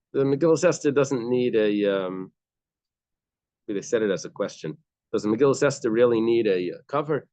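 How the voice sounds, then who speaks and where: A man with a low voice leads a daily Talmud class. He reads Aramaic phrases and then breaks them down in easygoing, conversational English. The recording is dry and a bit dull. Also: warm tone, no echo. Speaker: Talmud teacher.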